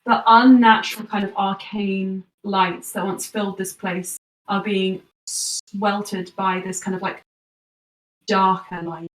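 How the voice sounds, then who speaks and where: A woman's voice: mid-range voice, little pitch movement, slow, distant mic. A woman narrating a tabletop game as game master, describing scenes with lots of fillers. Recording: echoey room, voice from off-mic.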